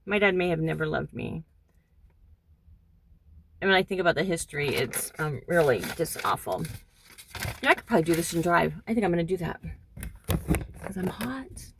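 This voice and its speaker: A middle-aged woman talking through a personal monologue, halting and reflective with many pauses and fillers, recorded in a car. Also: fairly low pitch, creaky, fairly bright tone, husky. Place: in a hot car.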